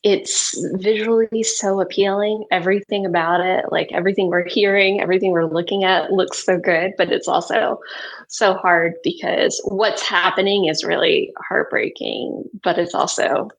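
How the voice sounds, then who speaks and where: A woman's voice: medium pitch, fairly even intonation, moderate pace, low-quality recording. Reflective woman podcast co-host. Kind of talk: casual chat.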